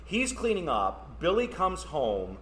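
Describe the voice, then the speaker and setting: A man's voice: fairly high pitch, wildly swooping pitch, takes it slowly, a bit bright, a little hiss or hum. A man hosting a podcast, chattily recapping a movie's plot with his guest. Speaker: podcast host. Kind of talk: casual film discussion. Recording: roomy echo.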